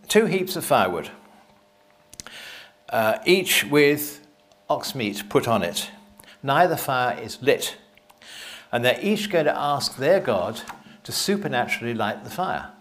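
A man's voice: mid-range voice, fairly bright tone. A man reading a Bible passage aloud and breaking off for conversational, wry asides. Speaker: Bible teacher.

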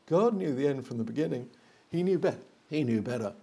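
A man's voice: medium pitch, lively intonation, a little fast, creaky, dark tone, husky. An older man preaching a sermon, earnest and digressive, with many fillers and restarts.

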